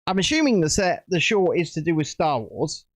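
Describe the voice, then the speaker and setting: A man's voice: a little high, sing-song, moderate pace, no echo. A British man hosting a casual livestream, chatting and rambling while building a set at home. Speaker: livestream host.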